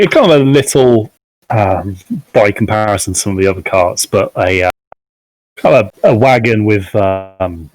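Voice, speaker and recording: A man narrating a tabletop game as game master, halting and full of fillers. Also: fairly low pitch, rough recording. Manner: halting, many fillers and hedges.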